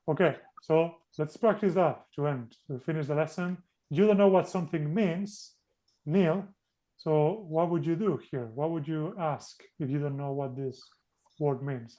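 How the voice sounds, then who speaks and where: Mellow-voiced man teaching a class. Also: a little high. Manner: patient, coaxing, switches between two languages. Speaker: Spanish teacher. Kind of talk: teaching an online group class. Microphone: video call.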